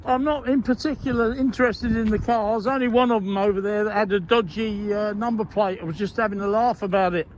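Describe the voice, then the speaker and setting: A man's voice: high-pitched, fairly even intonation, a little fast, hardly any pauses. A man filming outdoors on an industrial estate, making wry, chatty asides into a handheld camera mic. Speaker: vlogger filming in public. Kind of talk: casual running commentary. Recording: dull lo-fi sound, clear street noise.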